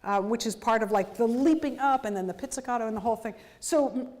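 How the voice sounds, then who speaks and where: A woman with a somewhat high voice gives a university lecture on composing. She explains in an animated, precise way, breaking into sung nonsense syllables to show how a passage should move. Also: fast. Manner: sings rhythms out in syllables to illustrate music; animated, detail-focused explanation.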